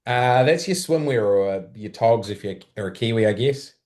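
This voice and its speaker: Man, podcast host, casual chat, relaxed, plainspoken. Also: mid-range voice, normal speed.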